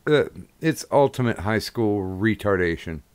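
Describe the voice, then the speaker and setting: A man's voice: on the low side, expressive, unhurried, smooth. A man co-hosting a stream in a laid-back, dry manner. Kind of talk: casual stream chat.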